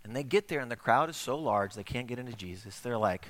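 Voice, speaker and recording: A man's voice: medium pitch, lively intonation, fast talker, hardly any pauses, fairly bright tone, big-room sound. A man preaching a sermon, telling a story with acted-out dialogue.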